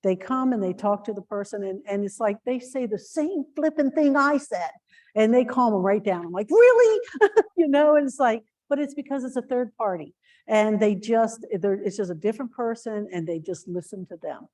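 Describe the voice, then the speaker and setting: A woman's voice: medium pitch, normal speed, a little mellow. A woman giving earnest training to shelter volunteers, with plenty of fillers and restarts. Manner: acts out example phrases in a lifted voice.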